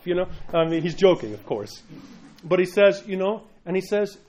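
Chatty priest, rambling asides, rapid-fire and slightly high-voiced. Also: male voice, animated, a little mellow. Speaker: parish priest. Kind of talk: informal sermon to parishioners.

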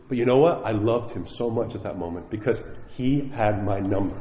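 A preacher delivers a sermon in a lowish, dark-toned voice, a little fast and with hardly any pauses. He tells stories animatedly, acting out the voices he quotes, in an echoey hall with dull lo-fi sound.

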